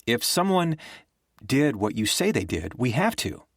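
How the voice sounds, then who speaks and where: A man voicing a grieving former professor who talks in a gentle, calm and soothing way. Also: medium pitch, unhurried, no room sound, clean studio sound, voice pushed up.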